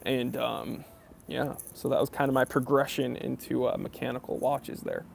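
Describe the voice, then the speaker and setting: A man's voice: mid-range voice, steady tone, moderate pace, gravelly, a little hiss or hum. A man hosting a casual live stream about watches, reading viewers' chat comments aloud and answering them in an easygoing, rambling way full of ums and uhs. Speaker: watch channel host.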